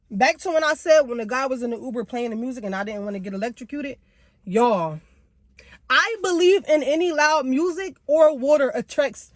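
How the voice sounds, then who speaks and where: A young woman vlogger telling a story casually, animated and slangy, with big jumps in pitch. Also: dry recording.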